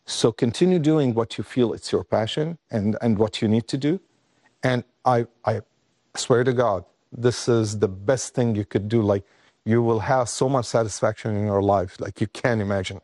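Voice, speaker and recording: A man with a low voice tells a personal story, stumbling over restarts and lifting his voice when he is moved. He is not an English speaker. The sound is dry and close, with no room in it. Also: darkish tone, no room sound. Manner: halting, many restarts, voice lifts when moved. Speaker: guest.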